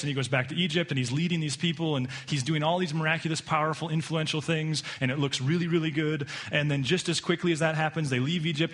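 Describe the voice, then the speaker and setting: A man's voice: fairly high pitch, fairly bright tone. Casual joking male pastor preaching. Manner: casual and joking, with many restarts and "like". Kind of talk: conversational sermon. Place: church sanctuary.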